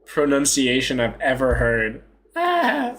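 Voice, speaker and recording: A young man keeps up a loose, joking stream chat, often laughing at himself. His pitch sits in a middle range, and a faint hiss hangs under the voice. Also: wildly swooping pitch, slow pace, fairly bright tone. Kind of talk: casual live-stream chat.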